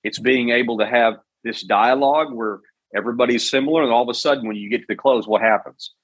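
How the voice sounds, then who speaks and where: A man's voice: medium pitch, quick pace, breathy edge, dry recording, poor audio. A man on a video call, explaining ideas in a coaching way and asking rhetorical questions. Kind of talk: casual podcast chat. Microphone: video call microphone.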